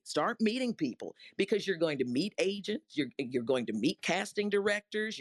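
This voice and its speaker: A woman voice-acting coach, talking casually on a panel in a folksy, animated way. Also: fairly low pitch, no room sound. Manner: animated, folksy, repeats words.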